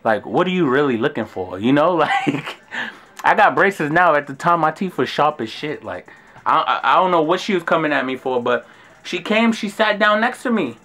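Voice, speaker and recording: A man in his twenties with a New York accent, telling a story in an animated, slangy and profane way. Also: fairly high pitch, moderate pace. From Brooklyn, New York. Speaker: vlogger. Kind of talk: casual storytelling.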